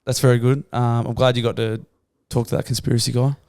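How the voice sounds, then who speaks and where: A man's voice: medium pitch, level tone, fast talker, darkish tone, dry recording. An Australian man co-hosting a podcast, telling crude, joking stories in casual chat. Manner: crude, jokey storytelling, slips into silly voices. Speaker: podcast co-host.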